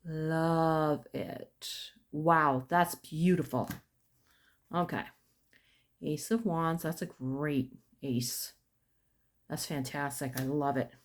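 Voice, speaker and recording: A woman casually chatting through an unboxing, murmuring card names and softly admiring the artwork as she flips through the deck. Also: low voice, fairly even intonation, drawn-out words, long pauses. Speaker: tarot unboxing vlogger.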